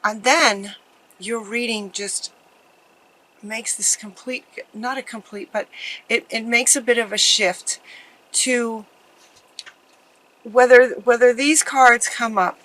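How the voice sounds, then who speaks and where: A woman reading tarot cards for viewers, earnest and tender, often halting and restarting mid-sentence. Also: fairly high pitch, steady tone, fairly bright tone, low-quality recording. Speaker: tarot card reader. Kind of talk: pick-a-card tarot reading.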